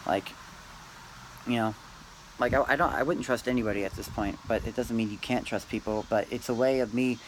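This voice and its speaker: A man rambling through a meandering, philosophizing monologue to camera, pausing often and tagging lines with "man" and "dude". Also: mid-range voice, fairly even intonation, a little hiss or hum, poor audio. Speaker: vlogger.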